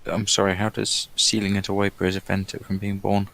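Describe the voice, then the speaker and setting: Deadpan, gravelly-voiced player. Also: male voice, fairly low pitch, moderate pace. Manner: dry, polite, deadpan. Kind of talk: playing his character in a tabletop game.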